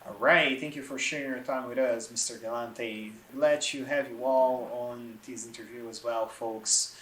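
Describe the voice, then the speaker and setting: Man hosting an interview, formal kinda halting wording, echoey room w/ faint hiss. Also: mid-range voice, steady tone, fairly bright tone. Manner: formal, slightly halting phrasing. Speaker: interview host.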